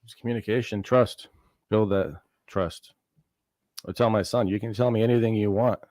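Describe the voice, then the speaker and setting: A man's voice: on the low side, steady tone, moderate pace, a little mellow, no echo. A man guest on a local talk show who speaks in a practical, plain-spoken way in casual chat.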